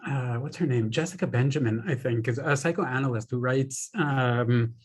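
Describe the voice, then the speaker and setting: Host on a video call, mid pitch voice, rambles through long questions thinking out loud. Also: moderate pace, slightly rough. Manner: rambling, thinks aloud with fillers and asides. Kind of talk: conversational interview questions.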